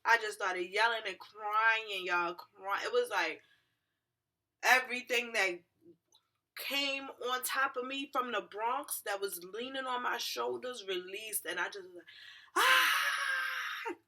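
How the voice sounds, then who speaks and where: Bright-voiced young New woman. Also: on the high side, unhurried. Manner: animated, profane storytelling with slang. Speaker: vlogger. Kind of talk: storytime vlog.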